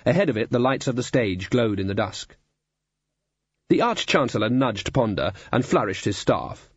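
A man reading a comic fantasy novel aloud in scripted narration, dry and even. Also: medium pitch, normal speed, husky, dry recording, lo-fi sound. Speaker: audiobook narrator.

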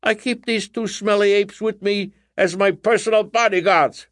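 A man's voice: fairly even intonation, normal speed, fairly bright tone, no room sound, studio quality. A man voicing a bossy, huffy stage witch with a Brooklyn accent, who shrieks and hisses her lines. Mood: haughty. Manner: shrill shrieks, hissed whispers.

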